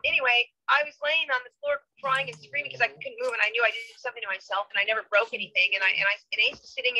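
A woman's voice: fairly high pitch, steady tone, rapid-fire, sharp tone. A woman giving an interview guest's account, talking angrily and emphatically, swearing and often restarting her sentences. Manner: angry, emphatic, profane, with frequent restarts. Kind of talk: emotional interview talk. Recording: dull lo-fi sound.

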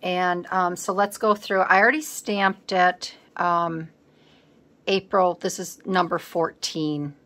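A woman hosts a craft channel video, talking casually as she crafts and joking about how scatterbrained she is. Her voice is lowish and fairly bright, with fairly even intonation and a slow pace.

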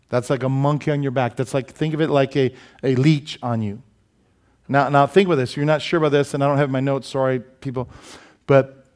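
A male pastor delivering a sermon in a church. He preaches in an animated way, cracks jokes and keeps asking his listeners questions. His voice sits at an ordinary pitch for a man. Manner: animated, joking, many rhetorical questions to the congregation. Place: church sanctuary.

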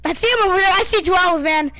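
A woman giving excited live commentary over an online game, yelling and laughing at her teammates. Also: very high-pitched, normal speed, dry recording, faint music behind. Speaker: gamer.

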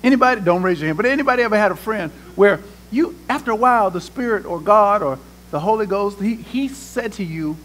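High-voiced pastor preaching a lively sermon. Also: male voice, fast talker, a little hiss or hum. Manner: animated preaching, acts out prayers and voices, talks to the congregation. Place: church sanctuary.

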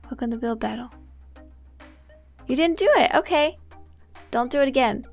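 A woman's voice: high-pitched, moderate pace, creaky, darkish tone, soft background music. A woman hosting a casual gaming video, giggling often and bossing her co-player around in an upbeat way. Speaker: gaming channel host. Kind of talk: casual gameplay chat.

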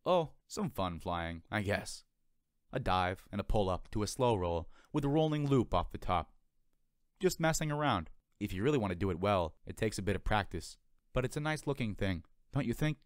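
A man voicing a calm, friendly male seagull who talks in an easygoing, relaxed way, in a storybook reading. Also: on the low side, moderate pace, smooth, no room sound, studio quality.

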